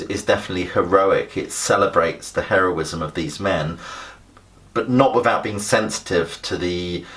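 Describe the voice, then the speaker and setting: A man's voice: low voice, fairly bright tone. A middle-aged man teaching English literature in a conversational revision lesson, with frequent fillers and restarts.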